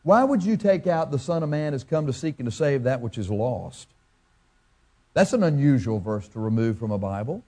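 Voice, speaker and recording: A man's voice: medium pitch, animated, moderate pace, warm tone. A man preaching a sermon as a pastor, in a folksy way, with farm comparisons and rhetorical questions. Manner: farm analogies.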